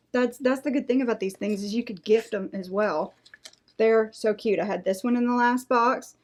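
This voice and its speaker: A woman's voice: on the high side, unhurried, long pauses. Gushing woman unboxing crafts. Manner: gushing, enthusiastic, reads out prices. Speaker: unboxing vlogger. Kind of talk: casual unboxing chat.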